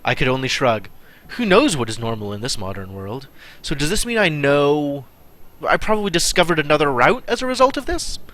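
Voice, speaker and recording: Bright, lively man reading a game aloud. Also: a little high, fairly quick. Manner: wry, chatty asides while reading aloud. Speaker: streamer playing a text game. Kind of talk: live game play with narration.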